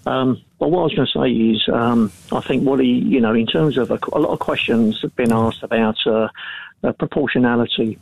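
A man calling in to a radio show, speaking hesitantly with many pauses and restarts. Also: mid-range voice, creaky, no echo. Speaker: caller. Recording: tinny phone line.

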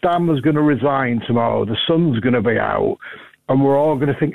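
Man, radio caller, gravelly, blunt, dry sound. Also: mid-range voice, animated, normal speed, darkish tone, dry recording, low-quality recording. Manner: blunt, ranting. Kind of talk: phone-in call.

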